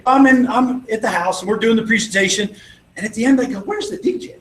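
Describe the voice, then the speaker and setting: A man's voice: sits high, fast talker, a bit bright. A man giving a motivational sales training talk, telling stories and acting out both sides of the conversations with confidence. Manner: acts out dialogue in anecdotes, confident and persuasive. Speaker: network marketing trainer. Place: event venue. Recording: echoey room with faint noise.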